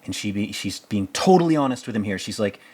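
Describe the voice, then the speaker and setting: A man's voice: on the low side, expressive, quick pace, a little mellow. A man hosting a casual film commentary, rambling, profane and sarcastic as he picks apart a movie. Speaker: podcast host reviewing a film.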